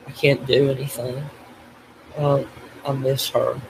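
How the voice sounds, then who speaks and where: Grieving older man, tearful and halting. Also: mid-range voice, flat delivery, creaky, slight background noise, low-quality recording. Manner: grief-stricken, self-blaming, halting with restarts. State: crying. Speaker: vlogger. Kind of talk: tearful personal video diary.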